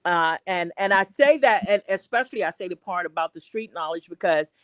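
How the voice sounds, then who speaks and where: A woman co-hosting a casual panel chat, lively and animated, acting out voices from everyday street talk. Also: on the low side, brisk, dry recording. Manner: animated, acts out street dialogue. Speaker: co-host.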